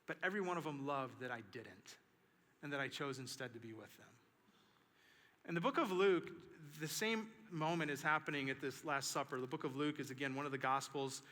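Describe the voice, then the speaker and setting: Animated male pastor preaching. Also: mid-range voice, brisk. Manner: animated storytelling with emphatic repetition. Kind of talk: sermon. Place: church. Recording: echoey church sanctuary.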